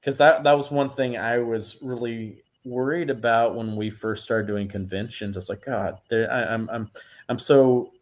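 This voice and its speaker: A middle-aged man chatting as a guest in a casual interview, telling lively stories and acting out voices. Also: mid-range voice, normal speed. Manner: animated storyteller, acts out quoted voices. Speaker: guest actor.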